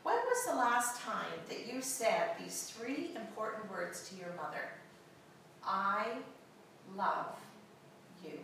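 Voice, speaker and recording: Slow, earnest woman preaching. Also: medium pitch, sing-song, gravelly, fairly bright tone, a little hiss or hum. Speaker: speaker giving a Mother's Day message. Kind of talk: sermon with read-aloud story. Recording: echoey room from far off.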